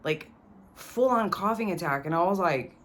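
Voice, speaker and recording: A woman's voice: lowish voice, lively intonation, normal speed. Slangy young woman telling a story. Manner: slangy, profane, talks straight to the viewer. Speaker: vlogger. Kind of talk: casual storytelling.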